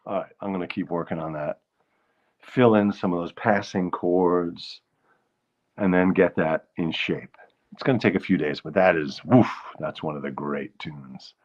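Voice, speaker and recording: A man's voice: low-pitched, narrow, tinny audio, over music. Man crooning old show tunes and joking. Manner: croons show tunes slowly, then chats fast and jokey. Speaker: host of a live music stream. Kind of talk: casual live-stream chat with singing.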